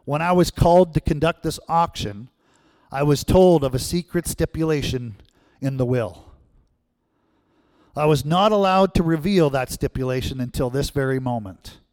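Pushy auctioneer guy hollering for bids, high and loud, dry sound, a preacher putting him on. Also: moderate pace, no room sound, close to an everyday voice. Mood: apologetic, formal. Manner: loud, pressing calls for bids. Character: insistent male auctioneer at an estate sale.

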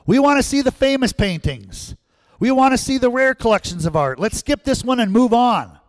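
A man voicing an impatient male bidder who shouts from the back of an auction room in a high, loud voice. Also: sing-song, normal speed, no room sound.

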